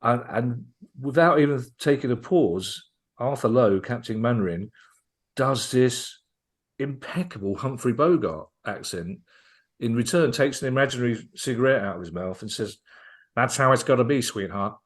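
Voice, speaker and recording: A man appears as a guest comedian on a podcast, launching into a long, enthusiastic anecdote and restarting his sentences often. His mid-range voice moves with lively intonation at a normal speed, in the style of casual podcast storytelling.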